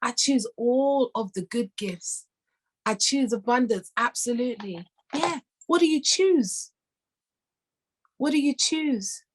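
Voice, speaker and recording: A woman's voice: on the high side, lively intonation, takes it slowly, husky. A woman giving a playful motivational talk on a video call, laughing often and repeating affirmations. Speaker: host of weekly online meeting.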